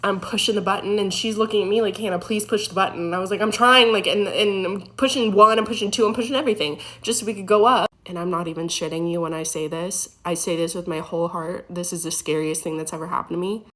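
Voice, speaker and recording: Young woman, low-pitched, chatty storyteller, lots of fillers and nervous laughter. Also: fairly even intonation, quick pace, few pauses. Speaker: former EMT telling a ghost story. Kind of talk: casual storytelling.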